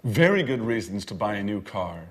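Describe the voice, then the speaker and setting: A man playing a teasing friend with lively intonation. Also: on the low side, moderate pace. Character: joking male friend giving advice. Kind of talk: scripted dialogue for learners.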